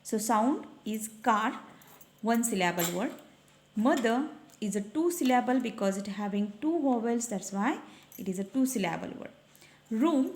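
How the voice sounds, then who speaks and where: A woman teacher works through a textbook page, slow and patient, spelling out letters one by one. Her voice sits a little high and rings in an echoey room. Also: a little mellow.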